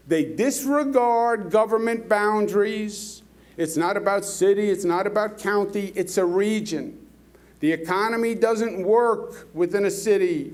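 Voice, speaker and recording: A politician giving a public speech, telling folksy stories and rousing the crowd with repeated lines. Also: male voice, sits high, darkish tone. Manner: folksy storytelling, rousing and repetitive.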